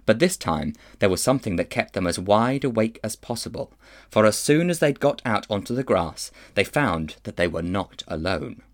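Lively male storyteller reading aloud. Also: on the low side, moderate pace. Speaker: children's book reader. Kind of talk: reading a children's novel aloud.

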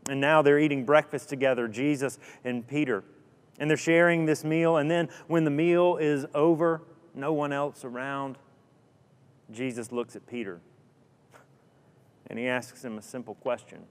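A man preaching a sermon, telling a story dramatically with rhetorical questions and sudden drops to a hush. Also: mid-range voice, steady tone, moderate pace. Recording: long hall reverb.

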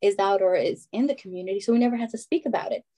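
A woman in her thirties telling stories in casual conversation, animated and acting out what others said. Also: mid-range voice, racing. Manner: animated storyteller, acts out quotes.

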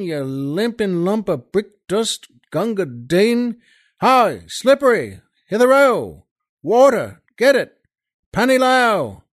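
A man voicing shouting British soldiers who impatiently call for their water carrier in a recited poem. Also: medium pitch, voice pushed down. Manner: bellowing, impatient calls.

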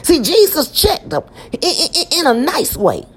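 A woman's voice: high voice, wildly swooping pitch, unhurried. A woman giving an informal Bible teaching, emphatic and repeating her phrases as she preaches.

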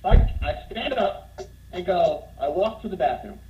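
A man telling a funny bar story in casual conversation, getting more animated as he goes. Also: moderate pace, muffled recording, a little hiss or hum. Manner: animated, gets louder and higher as the story builds.

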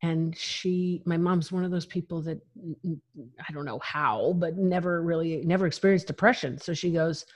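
A woman's voice: fairly low pitch, fairly even intonation, normal speed. A woman guest in an interview, telling her own story in a frank, emphatic way and laughing between phrases. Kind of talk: candid personal storytelling.

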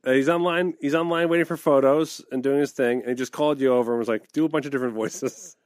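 A man's voice: mid-range voice, steady tone, fast talker, no room sound, studio quality. A man co-hosting a podcast in casual comedic chat, telling rambling stories and acting out quotes. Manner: rambling storyteller, acts out quotes, fillers. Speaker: podcast co-host.

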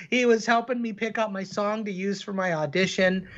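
Guy telling stories on a podcast, earnest, highish voice, kinda muffled lo-fi audio. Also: steady tone, moderate pace, fairly bright tone. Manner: earnest, storytelling, lots of fillers. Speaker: cartoon creator, guest. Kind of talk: casual podcast conversation.

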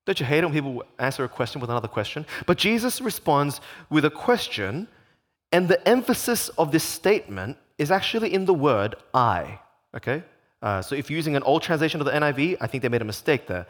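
A man's voice: on the high side, very animated, fairly quick. A man preaching a sermon, repeating phrases for emphasis and posing rhetorical questions. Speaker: pastor.

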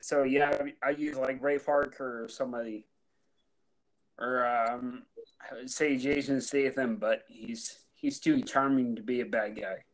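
A man co-hosting a casual comedy podcast, talking in halting, hesitant bursts. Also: medium pitch, fairly even intonation, poor audio. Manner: hesitant, lots of fillers. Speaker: podcast co-host.

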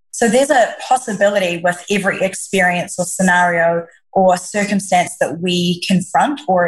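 Her husky, mid-range voice comes through a low-quality recording as she answers a podcast interviewer's questions. A leadership coach, she is earnest and reflective, often breaking off to restart what she is saying.

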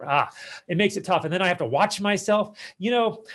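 A man's voice: high voice, fairly quick, fairly bright tone. A man hosting his own podcast as a speaking coach, giving casual advice in a chatty, self-deprecating way with joking asides.

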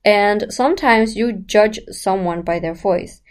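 A woman's voice: mid-range voice, unhurried. A woman teaching about the voice in a chatty, explanatory way, speaking straight to the listener and asking rhetorical questions. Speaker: voice coach. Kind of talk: casual explanatory lesson.

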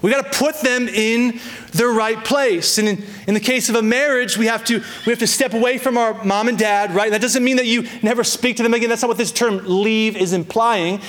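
A young man delivers a sermon in a notably high voice, leaning hard on key phrases and slowing right down to let them land. He repeats words as he builds a point and slips into little acted-out voices for quoted prayers. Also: steady tone, a bit bright. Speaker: pastor.

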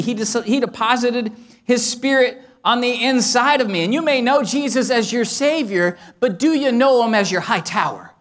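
A middle-aged man preaching a sermon, who tells stories about home with humor and rises to shouts when he gets excited. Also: very high voice. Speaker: pastor.

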